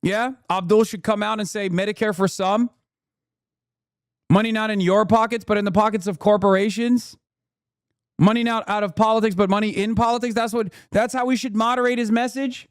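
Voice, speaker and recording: A man hosting a live stream, reacting to political clips with loud, profane, mocking commentary that swings into shouting. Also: sits high, steady tone, brisk, clear, resonant tone, dry recording, studio quality.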